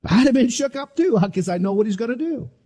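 Delivering a dramatic sermon, this middle-aged pastor performs the disciples' voices as he tells the story. He speaks quickly and expressively in a very high-pitched, warm voice.

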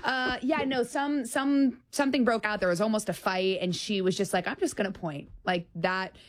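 A woman guest in a casual interview, animated and playful, laughing easily as she talks. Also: medium pitch. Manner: animated and goofy, quick laughs. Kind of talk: casual chat.

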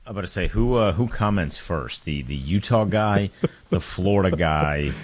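A man with a very deep, husky voice trades jokes on a sports talk show. His pitch swings widely as he cuts in with quick questions. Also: animated. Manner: joking, interrupting with quick questions. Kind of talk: casual sports radio banter.

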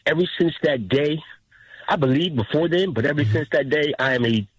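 A man's voice: fairly high pitch, a little fast, slightly rough, no room sound, poor audio. A man in his fifties calling into a radio show, earnestly telling an emotional story. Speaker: caller.

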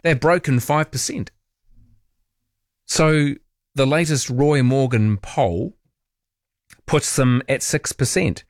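A man's voice: mid-range voice, slow, long pauses, no echo, faint music behind. A man hosting talkback radio, chatty and opinionated, musing aloud with playful asides.

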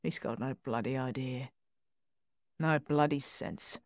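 A woman voicing a taciturn, blunt farmer man who mutters his words gruffly. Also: a little high, a little fast, dry recording, studio quality, close to an everyday voice. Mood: grumbling. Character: taciturn blunt middle-aged male farmer.

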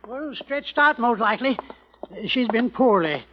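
An actor playing a timid, folksy ranch hand in a 1940s radio drama, hesitant and stammering. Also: male voice, extremely high pitch, lively intonation, measured pace, slight background noise. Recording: dull lo-fi old radio recording.

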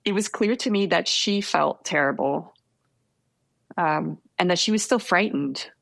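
Young woman guest, gravelly lower voice, close dry sound; hesitant, self-deprecating storyteller. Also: a little slow, fairly bright tone, dry recording. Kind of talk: casual storytelling interview.

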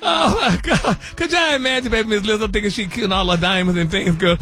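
High-voiced sassy male gossip reporter. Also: fast, bright, forceful tone. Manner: sassy and flamboyant, says honey and baby a lot; laughs through his own stories. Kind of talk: radio morning show chat.

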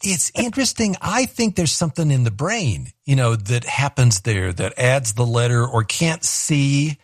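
A man hosting a radio call-in show, friendly and quick with banter, laughing easily with callers. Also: medium pitch, sing-song, slightly rough, no room sound, studio quality. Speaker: radio host.

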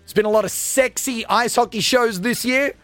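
A male radio host in full comic rant mode, animated and jokey. His voice sits very high for a man, and he talks into a studio mic. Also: moderate pace, no room sound, soft background music.

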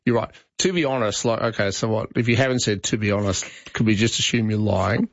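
A man's voice: lowish voice, dull audio. Australian man hosting talkback radio. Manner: chatty, quick asides, restarts. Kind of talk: casual radio chat.

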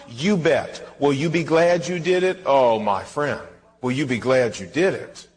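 Male pastor, high and husky, animated sermon, reverberant hall. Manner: animated storytelling, acts out dialogue.

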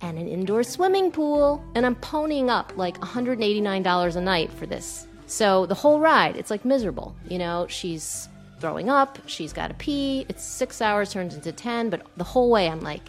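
Woman, 30s, lively storyteller, breathless, plays out her quotes, medium voice. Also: mid-range voice, normal speed, faint music behind. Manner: animated, breathless, acts out quoted lines. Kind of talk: personal storytelling.

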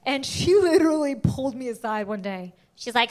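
High-voiced brash young woman comic. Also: animated, fairly quick, few pauses. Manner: brash, crude punchlines with laughing asides. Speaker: stand-up comedian. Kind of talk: stand-up comedy set.

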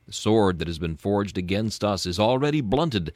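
A man reading a scripted devotional meditation in a solemn, measured, preacherly way. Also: fairly low pitch, expressive, darkish tone, dry recording. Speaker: devotional reader.

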